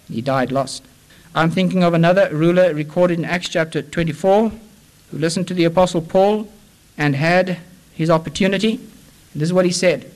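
An older man delivers an impassioned sermon in a somewhat high voice. He pushes his pleas up with urgency, then sinks into low, hushed lines for weight. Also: brisk, poor audio. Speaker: preacher.

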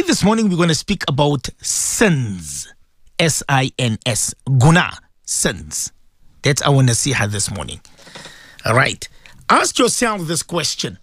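Emphatic high-voiced preacher man, lively. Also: breathy edge, no echo. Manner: emphatic, repeats phrases, asks listeners questions. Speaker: Islamic preacher on radio. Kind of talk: radio sermon.

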